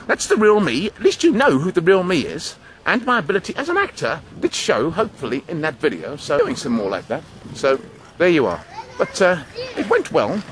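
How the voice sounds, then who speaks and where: A man's voice: sits high, a bit bright, slight background noise. A man hosting a casual vlog outdoors in a park, with a theatrical, sing-song delivery. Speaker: vlogger host.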